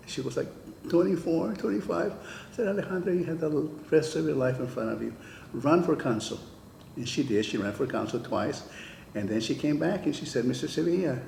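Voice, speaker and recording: An older man with a gravelly, mellow voice recalls his teaching years in an unhurried oral history interview. He slips into the voices of the people in his stories as he goes. The room sounds echoey, with faint ambience behind him. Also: mid-range voice, slight background noise. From California. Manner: storytelling, acts out quoted dialogue. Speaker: retired teacher.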